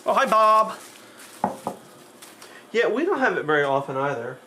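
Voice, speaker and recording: A man's voice: high-pitched, sing-song, moderate pace, background noise. A man hosting a live cooking demo, talking chattily to his viewers while he cooks. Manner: chatty storyteller who talks to the chat. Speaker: cooking show host.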